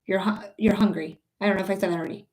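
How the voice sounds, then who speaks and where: A woman's voice: mid-range voice, fairly even intonation, racing, darkish tone. A woman hosting a psychic livestream, thanking viewers and ranting angrily with lots of swearing. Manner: swears freely, talks straight to viewers. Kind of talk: casual livestream chat and ranting.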